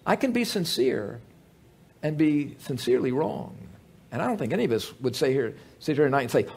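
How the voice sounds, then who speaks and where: Male pastor, high husky voice, very lively pitch, conversational sermon with jokes. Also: moderate pace. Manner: conversational and animated, with frequent restarts and humorous asides.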